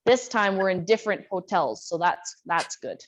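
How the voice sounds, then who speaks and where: A woman's voice: fairly low pitch, expressive, moderate pace, rough recording. A woman instructor running a live online exercise class, chatting about her week while calling out moves and breathing cues. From Canada. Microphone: video call.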